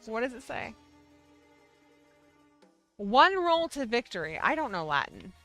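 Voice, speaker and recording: A woman hosting a casual livestream, chatting with her viewers in a bubbly, excitable way. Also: fairly high pitch, unhurried, creaky, soft background music. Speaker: livestream host of a yarn shop show.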